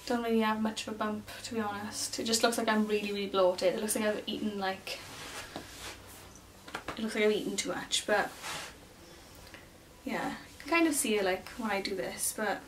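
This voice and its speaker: With a steady, mid-range voice at a moderate pace, this young woman pauses often as she vlogs. She's in a small, cluttered room at home, chatting to the camera full of fillers about what people said. Faint room noise accompanies a slightly distant recording.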